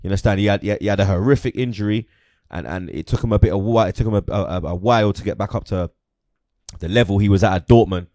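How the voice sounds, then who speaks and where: A young man talks football in a relaxed, slangy way, dropping "you get me" and "blood" into nearly every sentence. His voice sits fairly low, and the sound is close and dry with almost no room. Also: quick pace, no echo. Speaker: host. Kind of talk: casual football chat.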